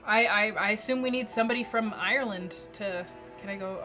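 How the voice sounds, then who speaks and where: A woman's voice: mid-range voice, a little fast, few pauses, over music. A woman streamer giving casual, joking commentary as she plays a mystery game. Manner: chatty, joking, reacting aloud with laughs.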